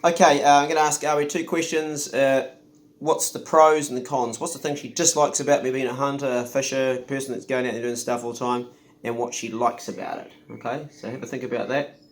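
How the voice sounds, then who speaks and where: A man's voice: mid-range voice, flat delivery, fairly quick. A middle-aged man, hosting a casual, joking chat at home with his partner. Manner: joking, self-mocking. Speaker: host.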